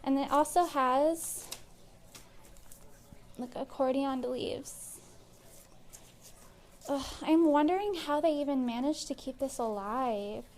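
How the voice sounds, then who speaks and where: A woman's voice: high voice, slow pace, long pauses, a little mellow, a little hiss or hum. Breathless, fed-up woman vlogger. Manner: exasperated, says "like" often. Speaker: plant vlogger. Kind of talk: casual ranting review.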